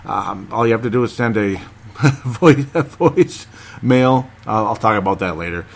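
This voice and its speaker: A man with a lowish, creaky voice talks briskly as the solo host of a casual podcast. He rambles and chats, laughs often, and speaks directly to his listeners.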